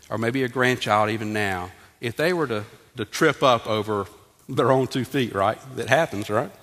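A middle-aged man, preaching a lively sermon to his congregation and often asking them questions directly. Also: mid-range voice. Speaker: pastor. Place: church sanctuary. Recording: long hall reverb.

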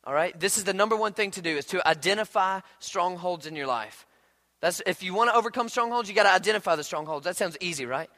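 A man preaching a sermon as pastor, animated and conversational, acting out quoted asides. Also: high voice, fast. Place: church sanctuary. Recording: long hall reverb.

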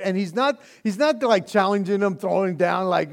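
A man preaching, reading scripture slowly and then explaining it in loose, animated everyday talk. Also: high voice. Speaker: pastor. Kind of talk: sermon.

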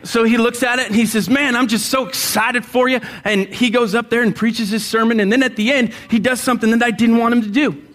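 A man's voice: extremely high pitch, steady tone, fast talker, fairly bright tone. A man pastor preaching a sermon in a church, talking bluntly and conversationally, joking with the congregation and getting them to answer aloud. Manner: asks the congregation to respond aloud.

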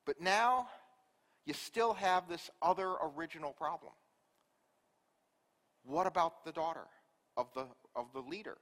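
A man preaching a sermon, telling a story with rhetorical questions and dropping from loud to quiet. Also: fairly high pitch, a little slow, pauses often, in a large hall. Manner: storytelling, rhetorical questions, big swings in loudness.

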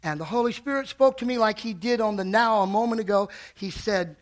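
A man's voice: high voice, fairly quick. A man preaching a fervent sermon in a church, calling out to the congregation.

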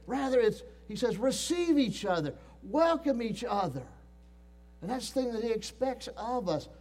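A man's voice: high-pitched, lively intonation, normal speed, darkish tone. A middle-aged man preaching a sermon, earnest and emphatic, often restarting phrases and repeating key points. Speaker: pastor.

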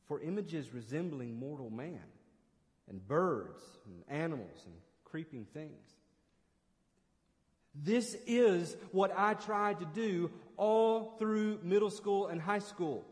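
Earnest preaching man in a reverberant hall. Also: high-pitched. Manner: earnest preaching with emphatic rises and repeated restarts. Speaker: pastor. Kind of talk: sermon.

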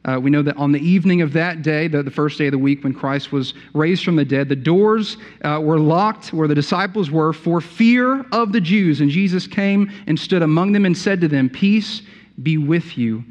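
A man preaching a sermon, earnest, often repeating words and rising in pitch for emphasis. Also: normal speed, hardly any pauses. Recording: dull sound with long hall reverb.

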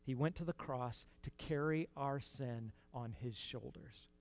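A man preaching a sermon in an earnest, conversational way, rising to emphatic peaks and dropping to quiet asides. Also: medium pitch, measured pace.

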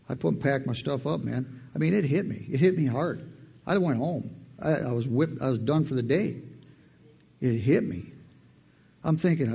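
A man preaches a personal testimony in church, his voice gravelly with fry. He talks plainly through the story and then winds up into energetic exhortation. The tone is dark and a little husky. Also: medium pitch, moderate pace. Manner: animated, builds to fired-up preaching. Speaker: lay preacher. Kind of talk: testimony sermon.

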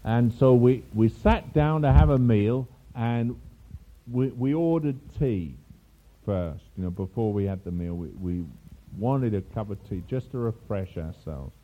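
A man's voice: medium pitch, measured pace. An older man from England preaching a sermon, telling a story with asides and chuckles along the way. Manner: storytelling with asides and laughs, animated. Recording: tinny phone-like sound.

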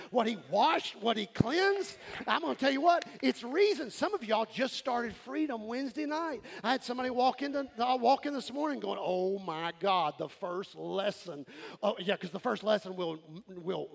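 A pastor preaches in a large church sanctuary with a high, gravelly voice, fairly quick and animated, often breaking into shouts. Long reverb and a faint congregation fill the reverberant hall behind him.

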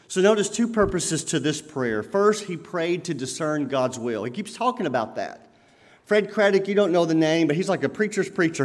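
A man preaching a sermon as pastor, swinging between loud emphatic lines and quiet lowered ones. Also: big-room sound.

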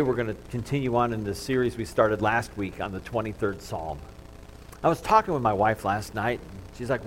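A man preaching a sermon as pastor in a church, talking in a conversational, self-deprecating way and dropping to a soft hush at times. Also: on the low side, expressive, moderate pace, slight background noise, low-quality recording. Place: church sanctuary with congregation.

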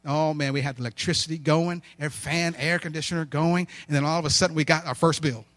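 A man's voice: a little high, fairly even intonation, a little fast, a bit bright, dry recording. A man preaching a sermon with personal stories, emphatic and in call-and-response style, often asking questions and answering them himself. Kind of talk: sermon with storytelling.

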